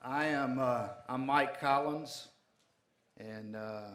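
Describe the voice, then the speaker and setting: A middle-aged man with a Georgia drawl talks to a lunch audience in a folksy way. He jokes, says y'all, and speaks at an ordinary pitch. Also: takes it slowly, a bit bright. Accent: Southern US, Georgia. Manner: folksy, joking, uses y'all. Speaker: panel speaker. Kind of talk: folksy political speech.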